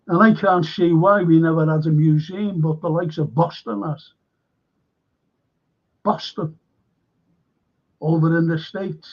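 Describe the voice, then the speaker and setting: A Liverpool man chats his way through a history livestream, drifting from topic to topic and swearing now and then. His voice is husky and sits high. The stream audio is dull and lo-fi. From Liverpool, England. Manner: rambling, chatty, swears freely. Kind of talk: casual livestream chat reading viewer comments.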